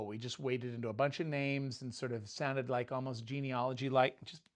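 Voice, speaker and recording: A man's voice: mid-range voice, brisk. A middle-aged man giving a casual, conversational sermon, retelling scripture loosely with frequent restarts. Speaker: preacher.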